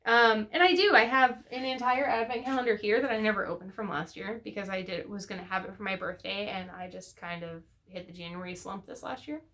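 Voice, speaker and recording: A woman's voice: medium pitch, fairly quick, few pauses, a bit bright. A woman hosting a knitting podcast, chatting casually and rambling with many fillers and self-corrections. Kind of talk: casual chat to camera.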